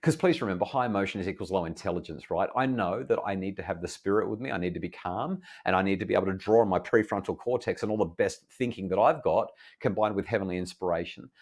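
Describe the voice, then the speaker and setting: A middle-aged Australian man, a parenting expert, calmly and earnestly telling a family story in an interview. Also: low-pitched. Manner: calm, earnest, measured retelling.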